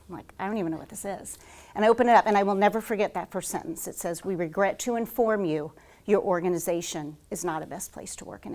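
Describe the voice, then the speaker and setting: Woman talking fast at a conference, hr consultant, lively storytelling, lots of ums, middle pitch. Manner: fast-paced, says she talks like an auctioneer; lively storytelling with frequent "um" fillers. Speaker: HR consultant giving a presentation. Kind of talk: conference talk. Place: room with a live audience.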